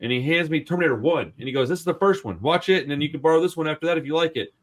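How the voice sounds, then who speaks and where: Male podcast host, fast, loose and animated, voices the people in his stories. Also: a little high. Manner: animated storyteller, acts out quotes, swears freely. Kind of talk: casual chat.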